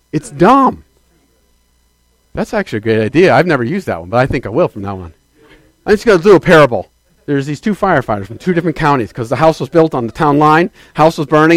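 A man preaching a sermon as a pastor, swinging between loud declarations and quiet asides and calling out to the congregation. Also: on the high side, lively intonation, quick pace, long pauses, no room sound. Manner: calls out to the congregation for affirmation.

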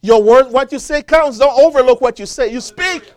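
A man's voice: extremely high pitch, normal speed, darkish tone. A man preaching a sermon, quoting scripture and building to emphatic, rising peaks as the congregation answers.

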